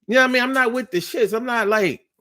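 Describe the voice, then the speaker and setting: A man's voice: very high-pitched, fast talker, pushed and bright. A man hosting a casual livestream, reading chat aloud and joking in a slangy, profane way.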